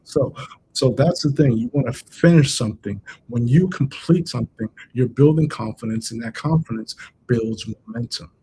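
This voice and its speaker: A man's voice: medium pitch, moderate pace, warm tone, husky, rough recording. A man coaching on a livestream. He talks casually, repeats and restates his points for emphasis, and addresses viewers in the chat directly. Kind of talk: livestream motivational talk.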